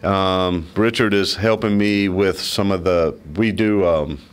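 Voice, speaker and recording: A man's voice: steady tone, a little slow, clear, resonant tone. A man who runs a car business chatting and joking on a local radio show from a studio. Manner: joking, playful, jumps high when teasing. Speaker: car dealer and regular radio guest. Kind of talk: casual radio chat.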